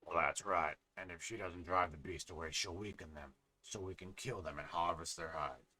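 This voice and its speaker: A man's voice: deep voice, normal speed, pushed and bright. A man voicing a friendly middle-aged village fisherman, talking in a plain, homely way. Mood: warm.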